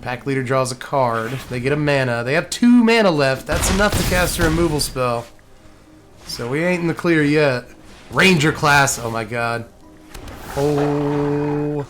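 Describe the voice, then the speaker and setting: A man's voice: fairly high pitch, unhurried, pauses often, faint music behind. A man commenting casually on his own online card game, talking to himself and ranting in exasperation when plays go wrong. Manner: animated, talks to himself and the game, exasperated rants. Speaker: gameplay streamer.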